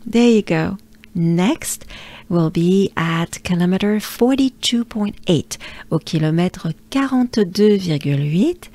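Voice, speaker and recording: A woman's voice: mid-range voice, a little mellow. A French woman teaching pronunciation, repeating sounds patiently and encouraging the listener, with light laughs. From France. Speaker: pronunciation coach. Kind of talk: slow, patient pronunciation lesson.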